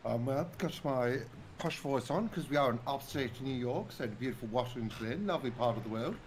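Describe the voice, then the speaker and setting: A man's voice: mid-range voice, expressive, a little hiss or hum. A man commentating on a sim race, cracking cheeky jokes. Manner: cheeky, fast joking. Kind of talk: casual commentary banter.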